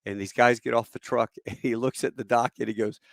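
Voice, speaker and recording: A middle-aged man telling a veteran's war story in a casual, animated way, with many fillers, acting out the quotes. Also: medium pitch, a little fast, gravelly, no room sound, studio quality.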